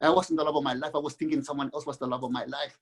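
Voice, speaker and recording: A middle-aged man from Mexico, a guest author, telling his own life story in an earnest, halting way with many restarts. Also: a little high, steady tone. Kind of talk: candid personal storytelling.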